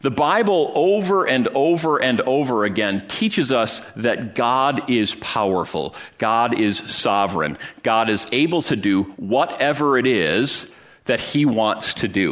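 A man's voice: mid-range voice, lively intonation, unhurried, a bit bright. A man preaching a sermon, retelling a Bible story in a conversational way with frequent fillers and restarts. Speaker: pastor.

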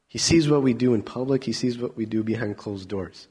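A man preaching a sermon, animated, swinging from loud emphatic lines to soft near-whispers. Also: mid-range voice, normal speed, husky.

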